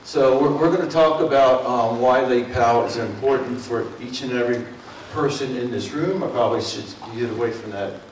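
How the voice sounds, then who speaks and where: A man's voice: medium pitch, fairly quick, hardly any pauses, recorded from a distance. A middle-aged man with a Philadelphia and South Jersey accent speaks to a community forum in a loose, rambling way, with plenty of fillers and restarts. He stands well back from the mic, and his voice rings around an echoey meeting room. A faint room hum sits underneath. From Mid-Atlantic US. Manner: folksy and rambling, with many fillers and self-corrections. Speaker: water district speaker. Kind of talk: public talk to a community forum.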